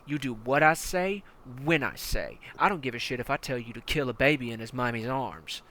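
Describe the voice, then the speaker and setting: A man's voice: medium pitch, expressive, brisk, bright, forceful tone, slight background noise. A man playing a brutal, foul-mouthed tank commander. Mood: menacing. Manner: barking, contemptuous, profane.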